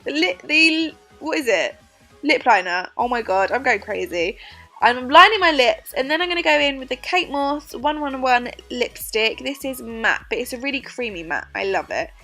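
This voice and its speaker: A young woman with a high, fairly bright voice narrates a makeup tutorial as a beauty vlogger. Her casual voice-over is chatty, giggly and self-mocking.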